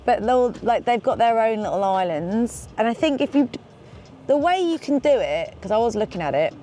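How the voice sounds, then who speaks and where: An excitable, chatty woman vlogging from a moving car, swearing casually as she talks. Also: fairly high pitch, normal speed, soft background music. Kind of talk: casual road-trip chat. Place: in a car on the road. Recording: road noise behind. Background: car and road noise.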